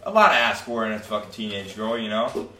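A man's voice: lowish voice, sing-song, a little fast, pushed and bright, slight background noise. Young man telling a crude story, roomy. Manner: crude, rambling, laughing anecdote. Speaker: storyteller among friends. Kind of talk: casual profane storytelling. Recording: roomy sound from a distant mic.

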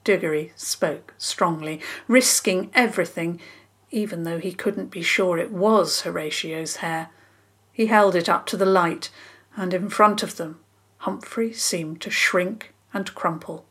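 A woman calmly narrating a children's story in a measured, scripted reading. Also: on the low side, slightly rough.

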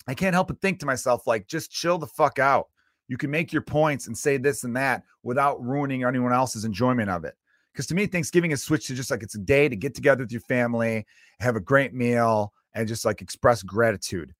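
A man's voice: mid-range voice, moderate pace, fairly bright tone, no room sound, clean studio sound. A man hosting a solo podcast, ranting in a loose, profane, exasperated way with lots of fillers. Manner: loose, rambling with many fillers. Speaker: podcast host.

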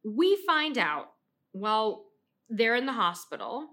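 A woman co-hosting a podcast in a relaxed book-review chat. Her voice is bright and sits a little high. She talks in an animated way, cursing freely and acting out her own reactions. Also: slow pace. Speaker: podcast co-host.

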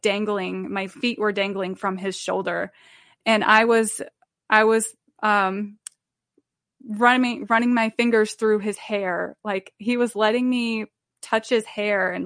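A woman's voice: medium pitch, creaky, a bit bright, no echo, studio quality. A woman guest telling her faith testimony in an earnest, rambling way, with many fillers and restarts. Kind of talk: sharing a personal faith testimony.

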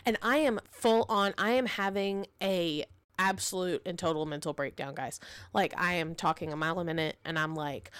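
A woman in her thirties, a podcast host and mother, telling a story in a casual, animated and dramatic way. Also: on the low side, moderate pace, clear, resonant tone, no room sound.

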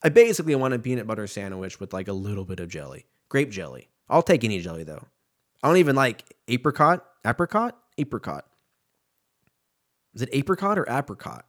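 A man's voice: lowish voice, very animated, fast, fairly bright tone. A man in his thirties, hosting a casual podcast and rambling in a profane, joking way. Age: 30s.

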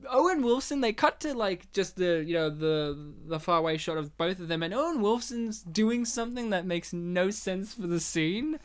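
A man hosting a casual movie commentary chat, animated and laughing often as he acts out scenes. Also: high-pitched, moderate pace, few pauses, clean tone. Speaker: podcast host.

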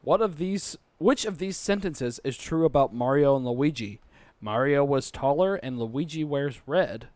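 A man's voice: a little high, expressive, a little slow, darkish tone, no echo. A man hosting a casual group chat, reading quiz questions aloud and reacting with laughter. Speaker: podcast host reading a quiz.

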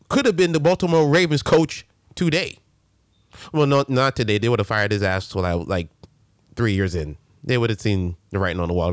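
A man hosting a casual sports rant, animated and full of slang and restarts. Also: medium pitch, no room sound. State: a little winded. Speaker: sports show host.

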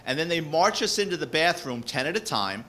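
A man, a retired police officer co-hosting a podcast, telling animated anecdotes and acting out the people he quotes. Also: on the high side, brisk. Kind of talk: casual storytelling chat.

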